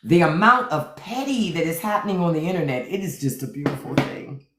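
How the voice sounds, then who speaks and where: A woman's voice: lowish voice, lively intonation, fairly quick, fairly bright tone, slight background noise. A woman hosting a livestream with sassy, playful comedic commentary that repeats lines for effect. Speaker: livestream host. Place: indoors, phone livestream. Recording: roomy echo.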